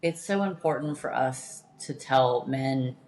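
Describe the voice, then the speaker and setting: A woman's voice: very deep voice, unhurried, darkish tone, a little hiss or hum. A woman hosting a podcast in candid casual chat, emphatic and blunt, swearing freely. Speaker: podcast host.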